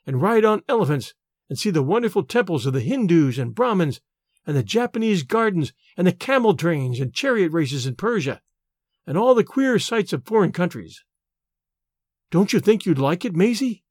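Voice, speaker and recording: A man's voice: high voice, very animated, moderate pace, darkish tone, no echo, clean studio sound. A man reading aloud, voicing an earnest young male suitor who pleads tenderly. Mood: dreamy.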